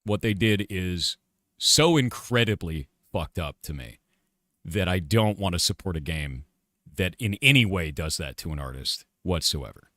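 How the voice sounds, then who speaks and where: A middle-aged man on a live stream, venting in a casual rant full of swearing and hard emphasis. His voice sits fairly low yet swings widely up and down, and the sound is close and dry. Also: animated, unhurried, bright, forceful tone, no room sound. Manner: angry, profane, emphatic. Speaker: streamer and game developer.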